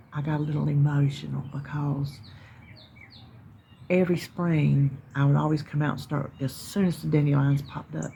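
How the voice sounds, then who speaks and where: Out in her yard among chirping birds, a middle-aged North Carolina vlogger chats with viewers in a rambling, folksy Southern way. Her deep voice is gravelly and a little mellow; the highs are cut off and there's a faint hiss or hum.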